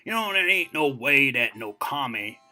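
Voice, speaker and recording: A man's voice: medium pitch, sing-song, normal speed, bright, forceful tone. A man playing a rambling boastful ancient old-timer. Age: over 60. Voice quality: folksy drawl full of "you know" fillers. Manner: rambling and digressive. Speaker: storyteller. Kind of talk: comedic character monologue.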